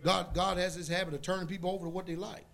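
A man preaching a sermon as pastor, fervent and rising into shouts. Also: sits high, little pitch movement, racing, vocal fry.

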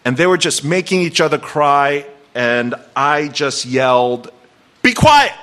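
A man's voice: fairly high pitch, fairly even intonation, a little slow, fairly bright tone. A man in his forties, a guest pastor, preaching in a church in a conversational, reflective way with light self-deprecating humor. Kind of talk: sermon with personal story. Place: church sanctuary.

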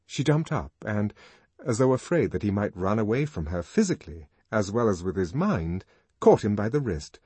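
A man narrates a novel with expressive, lively delivery. His voice is husky and the pitch moves freely. The sound is close and dry. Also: moderate pace, no echo. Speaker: audiobook narrator. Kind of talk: novel reading.

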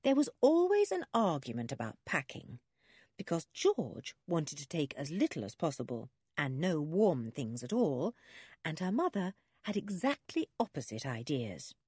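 Lady reading a kids book out loud, husky voice, lots of ups and downs, dry close sound. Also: low-pitched, moderate pace, no room sound. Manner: expressive, animated reading. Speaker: narrator. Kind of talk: storybook reading.

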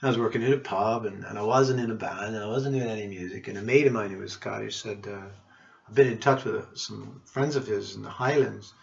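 A man's voice: on the low side, a little fast, creaky. A middle-aged man from Nova Scotia, a musician, telling rambling stories from his life in a casual interview. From Cape Breton Island, Nova Scotia, Canada. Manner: rambling, warm anecdotal storytelling with restarts. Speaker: guest musician. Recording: muffled lo-fi podcast recording.

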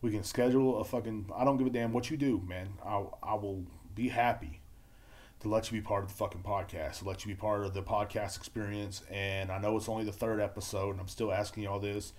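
A lower-pitched man hosting a solo podcast rant. He swears nonstop and rambles from topic to topic, sometimes shouting and sometimes trailing off into a mutter. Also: steady tone, brisk. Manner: profane, rambling, swings between loud outbursts and mumbling. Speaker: podcast host.

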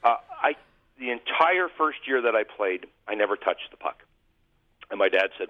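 A man's voice: fairly low pitch, expressive, moderate pace, dry recording. Male guest, ex-goalie, chatty self-deprecating storyteller, phone-quality audio. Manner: humorous, self-deprecating anecdotes. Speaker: guest, former hockey goalie. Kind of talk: casual interview storytelling. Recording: tinny phone-like line.

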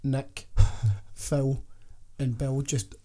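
A man's voice: medium pitch, fairly even intonation, very slow, warm tone. A Scottish man co-hosting an audio podcast, talking frankly in casual chat and often restarting his sentences. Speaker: podcast co-host. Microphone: audio-only podcast mic.

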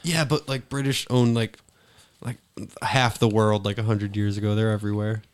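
A man co-hosting a casual chat, sarcastic and quick to argue. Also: fairly low pitch, steady tone, smooth. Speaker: podcast co-host.

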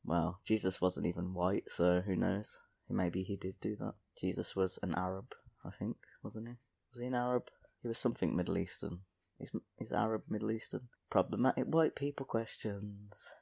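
A young man with a low, gravelly voice rambles through a solo podcast. His humour is crude and self-mocking. The sound is close and dry, with no room around it. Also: fairly even intonation, normal speed, fairly bright tone, no room sound. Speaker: podcast host.

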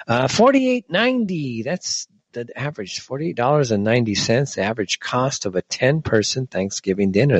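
A man's voice: fairly low pitch, no echo, highs cut off. An American man hosting a show, talking in a casual monologue that rambles with joking asides and self-corrections. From United States. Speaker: podcast host.

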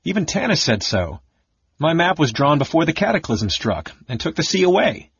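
Man doing a chatty excitable kender, high eager voice, husky edge, muffled lo-fi sound. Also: normal speed, no echo, full character voice. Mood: eager indignant. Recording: muffled lo-fi recording.

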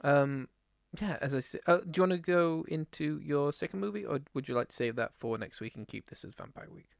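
A man's voice: fairly high pitch, a little fast, gravelly, dry recording, studio quality. A man co-hosting a casual podcast, rambling and self-deprecating, with lots of fillers. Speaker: podcast co-host. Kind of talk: casual chat.

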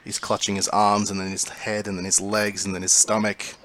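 A man narrating a tabletop role-playing game as game master, describing scenes in a calm, measured way. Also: lowish voice, slight background noise.

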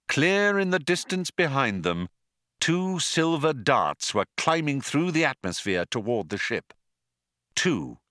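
A man reading an audiobook in a dry, measured storytelling voice. He takes an unhurried pace with a bright, clear tone and lively pitch. The recording is close and dry. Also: dry recording. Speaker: audiobook narrator. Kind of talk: scripted narration.

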